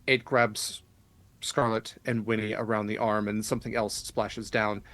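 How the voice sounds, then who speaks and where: Deliberate male game master narrating. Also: lowish voice, a bit bright. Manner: slow, deliberate narration with pauses.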